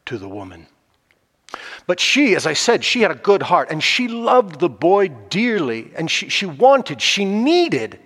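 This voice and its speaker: Slow, hushed male storyteller. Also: on the high side. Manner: slow and deliberate, swinging from loud to hushed. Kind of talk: oral storytelling. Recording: long hall reverb.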